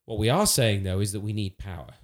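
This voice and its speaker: A man's voice: fairly low pitch, a little fast. A man in conversation on a faith podcast, speaking earnestly and thoughtfully, with frequent restarts and fillers. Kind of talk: conversational theological discussion.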